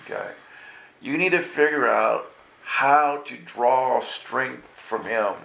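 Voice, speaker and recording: Male New pastor, gravelly edge, playful and interactive preaching style. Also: mid-range voice, slow, fairly bright tone. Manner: playful, acts out voices, quizzes the congregation. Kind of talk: lively live sermon.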